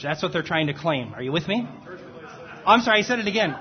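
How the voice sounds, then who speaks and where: A man's voice: fairly high pitch, big pitch swings, fast, dull audio, noisy background. A man preaching an expository sermon in a conversational way, often checking in with "okay?" and stopping to correct himself. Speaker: pastor.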